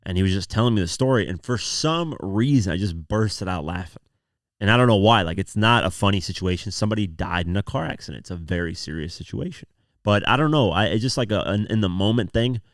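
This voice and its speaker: A man's voice: fairly low pitch, lively intonation, brisk, dry recording, clean studio sound. A young man hosting a podcast, telling a story in a loose, rambling way with lots of fillers. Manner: rambling storytelling, frequent "you know" and "man". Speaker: podcast host. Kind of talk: casual solo commentary.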